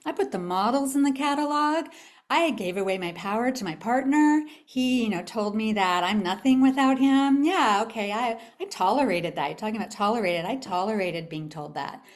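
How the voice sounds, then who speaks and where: A woman's voice: on the high side, expressive, normal speed. A woman giving a motivational talk at a live event, telling her own story with animation and asking the audience questions. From California. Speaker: summit speaker.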